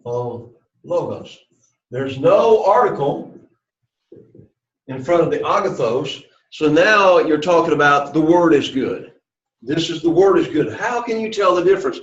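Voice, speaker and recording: In a dull, lo-fi recording from an echoey classroom, a man gives a lengthy Greek lecture, repeatedly checking in with "okay" and "all right." His voice sits on the high side, animated but a little slow.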